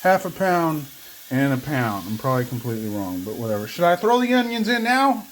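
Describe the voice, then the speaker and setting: A man's voice: a little high, big pitch swings, fairly quick. A man chatting casually while cooking at home, rambling and swearing, with joking asides to the camera. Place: home kitchen.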